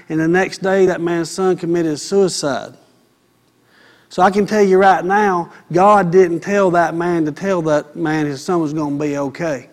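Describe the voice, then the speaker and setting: A man preaching a sermon as pastor, building up to loud, fiery exhortation. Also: fairly high pitch, steady tone, unhurried.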